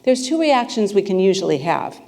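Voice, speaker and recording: A woman minister preaches a conversational sermon in a spiritual center sanctuary, chatty and playful as she asks the congregation questions. Her medium-pitched voice is warm and very animated at a normal speed, echoing in a reverberant hall.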